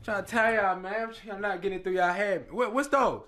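A young man acting in a comedy sketch, boasting loudly that he invented everything. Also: high voice, fairly quick, crowd noise. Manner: boastful, bragging.

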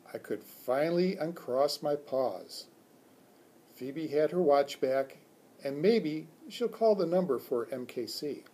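A man reading a children's chapter book aloud for a school, expressive and doing character voices. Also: on the high side, slightly rough. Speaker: school read-aloud reader.

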